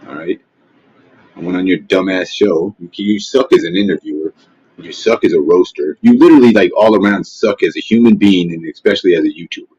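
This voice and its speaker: A man's voice: low voice, brisk, darkish tone, slightly rough, dry recording. A man hosting a casual livestream, trash-talking and mocking in a profane, rambling rant. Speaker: livestream host. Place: at home, face not shown. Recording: dull, dry lo-fi stream audio.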